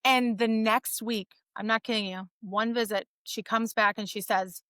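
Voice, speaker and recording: Bright, animated woman therapist talking shop. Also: on the high side, moderate pace, no echo. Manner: animated storytelling, frequent "like" and "right?". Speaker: pelvic floor physical therapist, guest. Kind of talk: casual interview chat.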